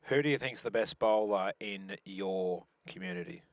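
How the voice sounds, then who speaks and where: A man's voice: low-pitched, normal speed, no echo. A man commentating a bowls live stream, chatty and joking, with many restarts.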